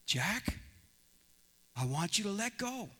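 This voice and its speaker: A man voicing a calm, patient divine spirit who speaks gently and unhurriedly in a sermon story. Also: high voice, slow, slightly rough, pitched above the performer's own voice, exaggerated voice. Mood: gentle. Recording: long reverb in a large hall.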